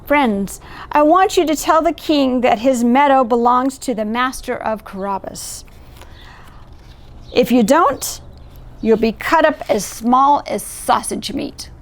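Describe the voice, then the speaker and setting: A woman's voice: high voice, takes it slowly. A woman voicing a clever, scheming male cat who bosses people and spins tall tales. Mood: threatening. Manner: urgent, bossy, persuasive.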